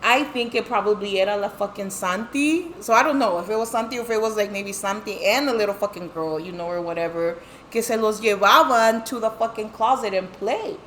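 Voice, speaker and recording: A middle-aged woman, a guest telling her life story, shares a family tale in casual chat, switching between English and Spanish and acting out the voices of the people in it. She swears heavily and uses lots of fillers. Her mid-range voice is fairly quick and fairly bright, with slight background noise.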